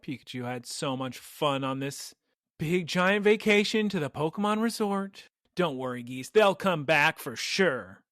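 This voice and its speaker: A man with a high, bright voice recaps a cartoon episode for his co-hosts, building it up with animated storytelling. The sound is close and dry, with no room around it. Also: a little slow, no echo. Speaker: podcast host recapping an episode. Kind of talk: casual chat.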